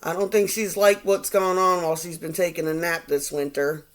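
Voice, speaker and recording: Lady rambling through a tarot reading, kinda low voice, mocks folks she quotes. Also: moderate pace. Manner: animated, quotes people in mocking voices. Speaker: tarot reader. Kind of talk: casual channeled tarot reading.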